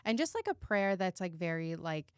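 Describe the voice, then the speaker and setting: A woman co-hosts a casual podcast and tells a personal story in an animated, candid way, swearing freely. Her voice sits on the lower side and sounds smooth. The sound is close and dry, with no room echo. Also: moderate pace. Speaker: podcast co-host.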